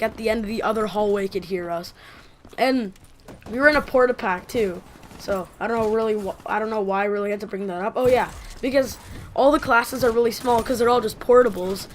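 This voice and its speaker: Woman vlogger, casual storytime, rambling, animated, fairly high voice, faint hiss. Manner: rambling, animated, many "like" fillers.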